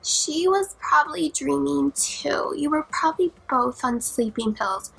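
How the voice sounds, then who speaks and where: A man's voice: very high voice, expressive, measured pace, creaky, fairly bright tone, faint music behind, pitched above the performer's own voice, heavily acted. A woman voicing her skeptical father on a phone call, brushing off her story in a raised, half-whispered tone. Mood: doubtful.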